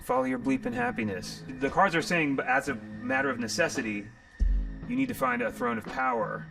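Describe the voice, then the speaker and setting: A man's voice: a little high, wildly swooping pitch, fairly quick, vocal fry, distant mic, over music. A man hosting a live tarot reading stream, rambling and jokey, sometimes profane. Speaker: tarot reader and stream host.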